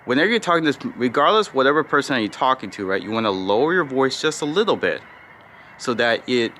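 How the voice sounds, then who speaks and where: A man teaching phone sales technique in a casual tutorial, talking in a mostly flat, unhurried tone and peppering his points with "right?" and "you know". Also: medium pitch, a little hiss or hum. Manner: calls his own default voice flat and slow, demonstrates tones. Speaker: sales coach.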